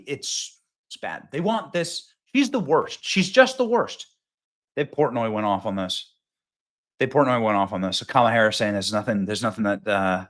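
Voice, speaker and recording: A man in his thirties hosting a political commentary show on a studio mic. His voice is bright and animated and ranges widely. He talks in an excitable, mocking way. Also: sits high. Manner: excitable, mocking, laughs often. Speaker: host.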